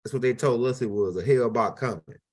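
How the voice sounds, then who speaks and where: A man's voice: mid-range voice, quick pace, slightly rough. A man hosting his own channel, talking casually and animatedly over video clips, rambling with many restarts. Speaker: host.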